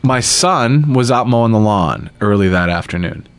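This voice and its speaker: Animated profane storyteller man. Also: on the low side, normal speed, smooth. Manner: profane storytelling with acted quotes. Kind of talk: casual chat.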